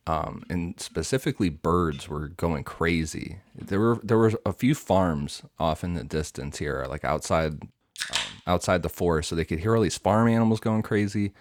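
A man's voice: low-pitched, moderate pace, dry recording. A man hosting a podcast, retelling a story from notes with casual asides and fillers. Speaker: podcast host telling the story.

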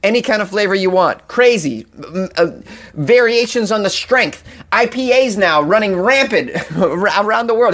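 A young adult man hosting a podcast, giving casual, comedic commentary on odd news stories in an animated, jokey way, often laughing and addressing his listeners directly. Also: high-pitched, moderate pace. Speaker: podcast host.

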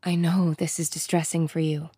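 A tired, scarred middle-aged man, played by a woman narrator, speaks calmly and wearily in an audiobook. The sound is close and dry. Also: low voice, moderate pace, husky, dry recording. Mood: weary. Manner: calm and weary.

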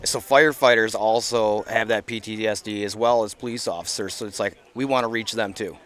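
A man's voice: fairly low pitch, a little fast, a bit bright. Earnest rambling man outdoors. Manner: earnest, rambling, many fillers. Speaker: podcast guest. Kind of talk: casual interview chat. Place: outdoors at an event.

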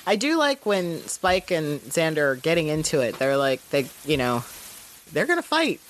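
A woman's voice: low voice, very animated, moderate pace, a little hiss or hum, rough recording. A woman co-hosting a podcast in casual chat, wry and profane, acting out characters as she recaps an episode. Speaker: podcast co-host.

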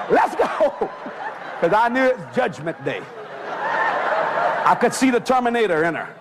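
Animated preacher man, high lively voice. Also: very noisy. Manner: animated, shouting quoted voices, laughing along. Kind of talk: storytelling sermon.

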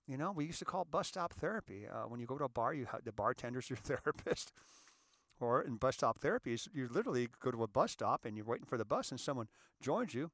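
A man's voice: mid-range voice, no room sound, clean studio sound. A middle-aged man hosting a casual self-help talk show from his car, joking and acting out quoted voices. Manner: animated, jokey, acts out voices in quoted dialogue. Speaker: radio show host. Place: inside his parked car.

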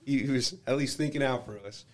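A man in casual podcast chat, telling crude joking stories in an animated way. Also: medium pitch, fast.

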